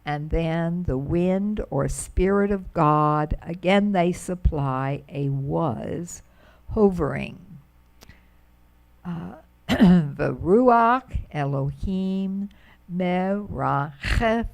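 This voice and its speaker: A woman's voice: lowish voice, vocal fry, darkish tone. A middle-aged woman teaching Hebrew grammar to a class, pronouncing words patiently and drawing them out. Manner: patient, drawn-out pronunciation of words. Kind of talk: slow, careful classroom explanation.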